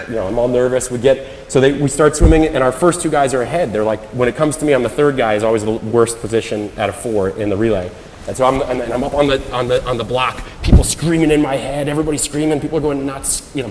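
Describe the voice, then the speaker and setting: A man from the United States giving a conference talk, telling a story with lively energy and acting out what people said. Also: medium pitch, a little hiss or hum. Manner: animated storyteller, acts out quoted lines. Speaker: conference speaker. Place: large hall. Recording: roomy hall with long reverb.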